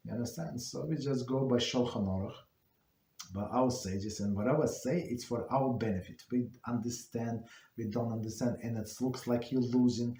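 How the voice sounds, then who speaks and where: Halting rabbi in a roomy echo. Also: male voice, mid-range voice, dark tone. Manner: halting, searching for words, frequent restarts. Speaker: rabbi teaching a class. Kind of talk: Torah class with storytelling.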